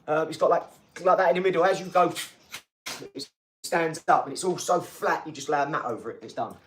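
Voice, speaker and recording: A man chats to his live-stream audience in a loose, slangy way, calling out to viewers as he goes. His voice sits a little higher than most men's. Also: brisk, a little hiss or hum. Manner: chatty and slangy, talking straight to the chat. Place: garage gym.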